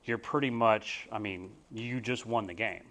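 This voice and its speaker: A man's voice: fairly low pitch, moderate pace, fairly bright tone. Young texan man, real estate agent, folksy rambling class talk, lots of restarts. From Texas. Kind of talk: casual spoken class talk.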